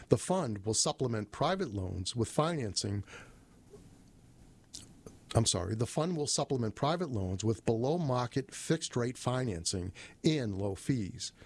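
A man reading a city news release aloud in a steady manner, lifting his voice for quoted passages and correcting his own slips. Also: on the low side, slightly rough. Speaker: reader of a city press release.

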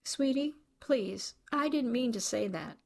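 A woman's voice: a little high, lively intonation, unhurried, creaky, pitched above the performer's own voice, full character voice. A woman voicing Cece, a furious, remorseful mother. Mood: pleading. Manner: sharp and hissing, then pleading.

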